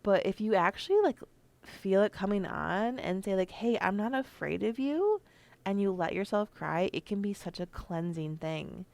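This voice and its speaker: A woman's voice: mid-range voice, normal speed, darkish tone, no room sound. A young adult woman hosting a solo podcast, speaking candidly with casual swearing and frequent laughs. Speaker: podcast host.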